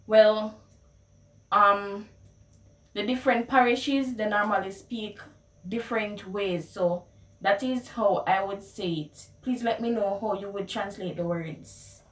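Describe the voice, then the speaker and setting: A woman's voice: mid-range voice, takes it slowly. A Jamaican woman hosting a casual language lesson, playfully repeating phrases. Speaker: video host. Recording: echoey room, mic at a distance.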